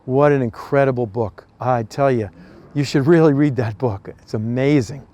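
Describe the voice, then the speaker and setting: A man's voice: mid-range voice, moderate pace, dark tone. Earnest folksy older man. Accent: American East Coast. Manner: folksy, earnest storytelling with restarts. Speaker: host. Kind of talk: casual advice talk.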